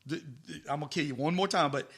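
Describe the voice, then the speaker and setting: A middle-aged man, a podcast guest telling stories in a lively way, repeating words as he goes. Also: a little high, very fast. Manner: animated, stammering repeats, acts out dialogue. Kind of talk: casual storytelling.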